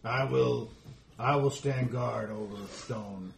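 A man voicing a gruff, proud male ogre tribesman who speaks in blunt, clipped lines, in an echoey room with background noise. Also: mid-range voice, steady tone, slow pace. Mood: defiant. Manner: blunt, challenging, clipped speech.

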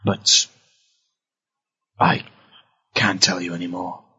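A man playing in a tabletop game, speaking in a halting, hesitant way. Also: low voice, level tone, sharp tone, breathy edge. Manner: slow, halting, hesitant speech. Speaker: player. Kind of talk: tabletop role-play chat. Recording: muffled lo-fi audio.

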